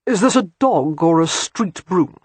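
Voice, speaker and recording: A man's voice: sits high, animated, a little slow, slightly rough, dry recording, exaggerated voice. The audiobook narrator voicing a sardonic, exasperated aristocratic man. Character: sardonic aristocratic man, dry-witted lord.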